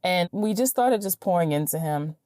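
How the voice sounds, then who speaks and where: Mellow-voiced woman telling a story. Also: lowish voice, moderate pace, dry recording, studio quality. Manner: animated, chatty, many fillers and tag questions. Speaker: podcast host. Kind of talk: casual storytelling.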